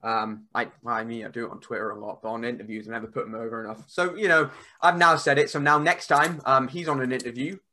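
Bright-voiced rambling male podcast guest. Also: medium pitch, steady tone, quick pace, few pauses. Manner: rambling, heavy on "like" and restarts. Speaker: wrestler guest. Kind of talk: casual podcast chat.

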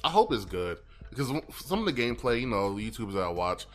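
Animated man on a casual podcast. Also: on the low side, fast, soft background music. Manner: animated, swearing, acts out voices. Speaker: podcast co-host.

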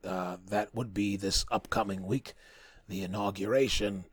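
Male podcast host, deep voice, dry sound, loose profane joking delivery full of ums. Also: fairly even intonation, measured pace, breathy edge, no room sound. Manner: rambling, profane and joking, many fillers and restarts. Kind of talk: casual podcast monologue.

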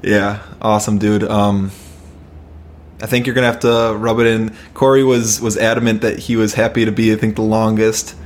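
A man hosting a casual podcast, laid-back and quick to laugh, often repeating his words. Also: lowish voice, little pitch movement, slight background noise. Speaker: podcast host. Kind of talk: casual podcast chat and outro.

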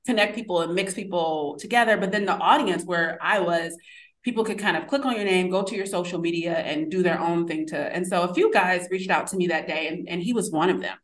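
Chatty, animated woman telling a story. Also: lowish voice, fairly quick. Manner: animated, chatty, laughs often, lots of fillers. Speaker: guest. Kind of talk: casual storytelling.

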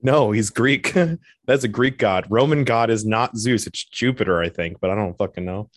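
A man's voice: fairly low pitch, moderate pace, no room sound. A man co-hosting a casual podcast, blunt and opinionated, swearing freely as he argues. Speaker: podcast co-host. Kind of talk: casual chat.

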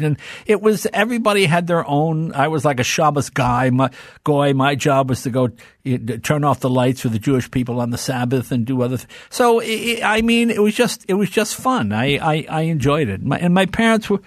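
A man as an interview guest, telling childhood stories in an animated way and acting out the people in them. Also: on the high side, brisk, no room sound, clean studio sound. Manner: animated storyteller who acts out voices. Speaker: guest comedian. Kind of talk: storytelling interview.

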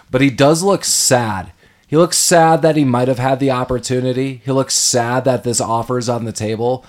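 A man and parent, casually chatting about a film as co-host, laughing often and loosely paraphrasing scenes. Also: mid-range voice. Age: adult parent. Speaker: podcast co-host.

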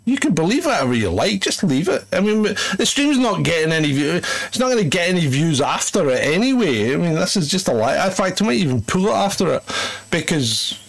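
A man's voice: fairly high pitch, sing-song, a little fast, gravelly. A British man hosting a casual live commentary stream, sardonic and grumbling, laughing often. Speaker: stream host.

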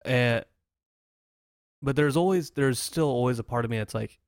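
A man co-hosting a casual podcast chat, joking and telling animated stories with laughter. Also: mid-range voice, normal speed, pauses often, clear, resonant tone, dry recording, studio quality. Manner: jokey, animated storytelling with laughs. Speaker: podcast co-host.

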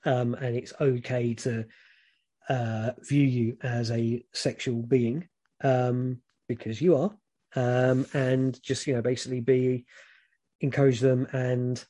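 A British man chats through frank advice in a relaxed, rambling way, full of ums and restarts. His voice is mellow and warm at a middling pitch. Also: slow pace. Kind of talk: casual advice chat.

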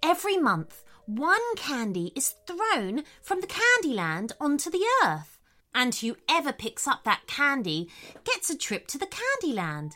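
A woman's voice: sits high, huge pitch swings, a little slow, bright, forceful tone, pitched above the performer's own voice, heavily acted. A woman voicing a sweet, welcoming little girl wizard made of candy magic in a children's storybook.

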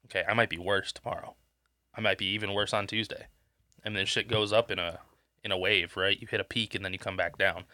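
Congested man, bright, sharp tone. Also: on the low side, fairly even intonation, brisk, dry recording, clean studio sound. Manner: rambling, profane, loses his train of thought. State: sick, congested. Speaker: podcast co-host. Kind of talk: casual chat. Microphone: podcast microphone.

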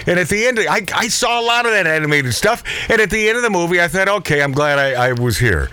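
A man's voice: high-pitched, lively intonation, fast talker, pushed and bright, clean tone. A middle-aged man hosting a radio talk show, rambling and joking with frequent laughs. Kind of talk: casual talk radio banter.

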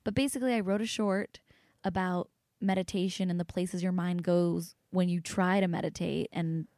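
Woman guest, casual podcast chat, gravelly edge, dry close sound. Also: normal speed, no echo. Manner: animated, chatty, swoops up in pitch.

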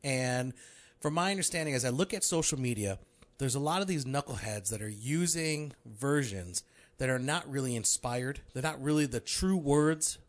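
A man's voice: mid-range voice, normal speed. A man co-hosting a podcast, teasing his partner with dry humor in casual banter. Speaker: podcast co-host.

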